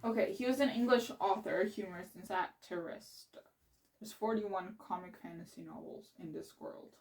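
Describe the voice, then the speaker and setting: A young woman book vlogger chatting casually and excitedly about her reading, rambling and laughing as she goes. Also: mid-range voice, normal speed. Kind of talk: casual chat.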